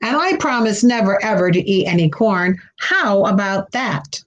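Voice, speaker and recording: A woman's voice: medium pitch, expressive, normal speed, lo-fi sound, lightly acted. A woman doing an eager little frog prince.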